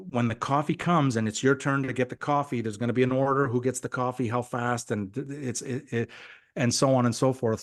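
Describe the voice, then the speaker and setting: A man giving an energetic, motivational sales talk on a team call. He often repeats himself and acts out quoted conversations. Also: medium pitch. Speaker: guest speaker on a team call. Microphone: call audio.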